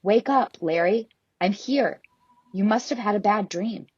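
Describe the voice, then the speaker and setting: A woman voicing a gentle mother waking her son from a bad dream. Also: mid-range voice, unhurried, breathy edge, dry recording, highs cut off, voice pushed up. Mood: soothing. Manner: soothing.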